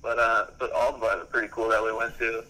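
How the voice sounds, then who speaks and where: A man's voice: medium pitch, little pitch movement, quick pace, sharp tone, poor audio. A young man in casual chat, rambling through stories with lots of "like" and frequent laughs. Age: young adult.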